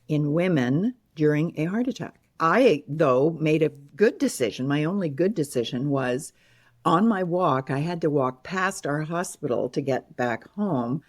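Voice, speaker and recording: Low-voiced older woman telling her story. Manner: animated storytelling with laughs, acting out quotes. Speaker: guest, heart attack survivor and author. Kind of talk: conversational storytelling interview.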